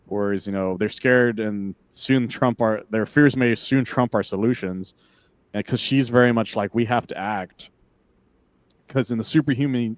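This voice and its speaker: A man's voice: mid-range voice, no room sound. A man co-hosting a podcast, chatting casually about comics, swearing freely and acting out lines with laughter. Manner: animated, swearing, acts out quotes with laughs. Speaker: podcast co-host. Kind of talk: casual comic book discussion.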